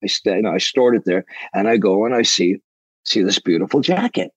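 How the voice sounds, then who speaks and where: Older drummer from Canada as interview guest, husky voice, rambling anecdotes, dry close sound. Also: male voice, lowish voice, fairly quick, no echo. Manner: rambling, animated, profane, restarts sentences. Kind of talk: storytelling interview.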